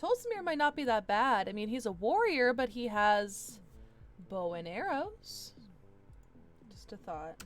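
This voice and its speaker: Excitable woman chatting while building a deck. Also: fairly high pitch, unhurried. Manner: excitable, talks to herself while browsing cards. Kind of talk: casual live-stream deckbuilding chat.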